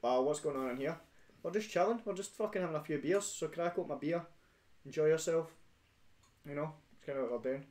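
Scottish young man, stream host, sweary banter, fairly high voice. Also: fast talker, long pauses, darkish tone. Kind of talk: casual chat.

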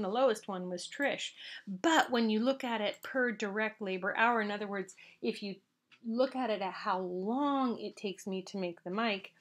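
A woman instructor walking through an accounting problem in a conversational lecture, often checking in with "all right?". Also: medium pitch.

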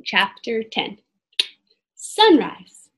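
A woman reading a children's chapter book aloud expressively, pausing to talk to her listeners. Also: on the high side, husky. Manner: expressive, pauses to comment to listeners. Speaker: storybook reader.

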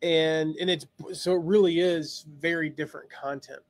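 Higher-voiced man hosting a live lesson. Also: fairly even intonation, moderate pace. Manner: rambling, thinks aloud with many restarts. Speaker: host.

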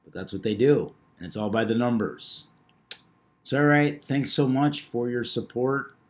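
A man hosting a video, talking through number patterns in a measured, knowing way. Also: medium pitch, darkish tone. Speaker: numerology video host. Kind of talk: casual monologue.

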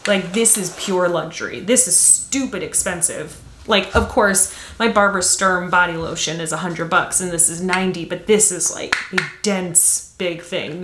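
A woman's voice: fairly low pitch, echoey room, slight background noise. Chatty woman doing a beauty haul. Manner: chatty, enthusiastic, lots of fillers. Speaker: beauty vlogger. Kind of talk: casual product haul chat.

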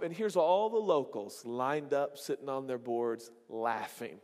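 A man preaching a sermon as a pastor, telling a story with lively, acted-out exclamations and quick asides to the congregation. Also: medium pitch, in a large hall.

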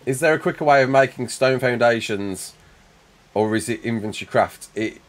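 A young man chatting casually with viewers while playing a game live, quick to laugh and often restarting his sentences. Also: mid-range voice. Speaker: live streamer.

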